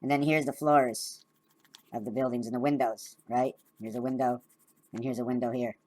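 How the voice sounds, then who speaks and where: A woman's voice: a bass voice, fairly even intonation, moderate pace, dark tone. A woman talking loosely through her own drawings and designs, wandering from idea to idea and often checking in with "right?". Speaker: video maker explaining her drawings. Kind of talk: rambling casual explanation.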